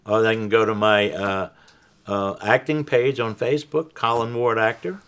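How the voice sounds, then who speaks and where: An older man, an actor, talking as a guest in a casual interview, soft-spoken, measured and modest. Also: fairly low pitch, steady tone.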